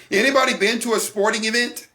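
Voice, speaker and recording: A man hosting a faith broadcast, preaching about emotions in an animated way and talking straight to his listeners. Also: high voice. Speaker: host. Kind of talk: motivational faith talk.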